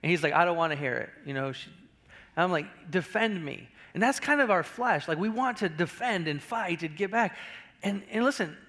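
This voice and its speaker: A man's voice: sits high, lively intonation, normal speed, bright, forceful tone. A middle-aged male pastor preaching a sermon in a conversational way, often repeating words as he talks. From United States.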